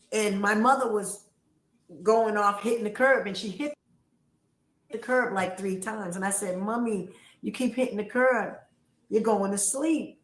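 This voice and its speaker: A woman tells a family story in an emphatic, animated way and acts out the other people's voices as she goes. Her pitch sits in the middle. The recording has a roomy echo. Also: unhurried, long pauses. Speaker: guest on a livestream.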